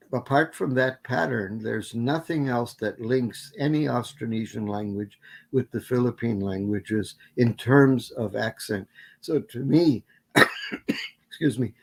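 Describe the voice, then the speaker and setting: A man giving a guest lecture, answering questions at length and often correcting himself with fillers. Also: medium pitch. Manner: rambling, self-correcting with many fillers. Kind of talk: academic Q&A answer.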